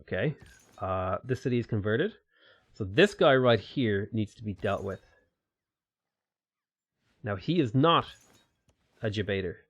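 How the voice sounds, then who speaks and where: Male game streamer, bouncy animated delivery, dry close sound, chatty with viewers. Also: fairly low pitch, unhurried, pauses often, no room sound. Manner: chatty, reads viewer questions, bursts of excitement. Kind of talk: live gameplay commentary.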